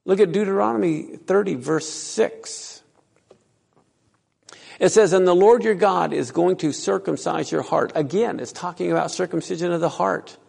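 A man's voice: sits high, moderate pace, creaky, darkish tone, husky. A man preaching a sermon, reading scripture aloud and putting questions to his listeners. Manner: asks the audience questions and reads scripture aloud. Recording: long reverb in a hall.

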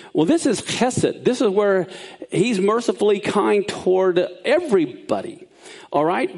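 A man teaching a sermon, explaining Bible words in an animated way that swings up high for emphasis. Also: creaky.

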